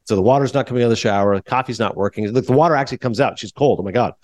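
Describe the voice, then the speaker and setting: A Canadian man in his forties hosting a podcast, chatting casually and telling an animated story where he acts out his own asides. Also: mid-range voice, rapid-fire, no echo. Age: 40s. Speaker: podcast host. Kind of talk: casual chat.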